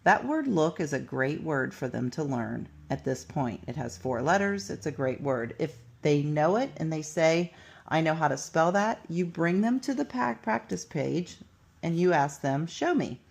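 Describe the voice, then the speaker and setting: Woman teacher, low gravelly voice, unhurried, patient instructional delivery. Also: a little mellow. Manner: patient, step-by-step, sounds out words slowly. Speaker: teacher demonstrating a writing lesson. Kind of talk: instructional walkthrough.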